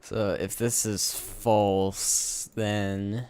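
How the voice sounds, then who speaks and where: Male streamer, low-ish voice, very slow, sleepy, halting self-talk while coding. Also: flat delivery, a little mellow, clean tone. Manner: thinks aloud, halting, self-correcting. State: sleepy, yawning. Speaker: game developer streaming.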